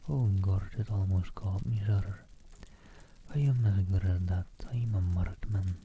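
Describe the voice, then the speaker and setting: A man's voice: low-pitched, measured pace, slight background noise. A man whispering as a terrified doomed sailor. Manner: soft pleading whisper. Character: terrified young male sailor, sobbing and doomed. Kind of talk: whispered role-play.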